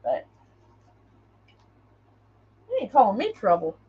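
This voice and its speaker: A woman's voice: medium pitch, huge pitch swings, slow, lo-fi sound, a little hiss or hum. A woman hosting a craft livestream, chatting in a rambling way and greeting viewers by name as she works. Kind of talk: casual live chat while crafting.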